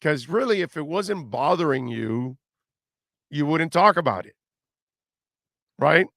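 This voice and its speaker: A man's voice: on the high side, animated, slow, vocal fry, a bit bright, dry recording, clean studio sound. A man hosting a sports radio show, talking casually with fillers and repeated words.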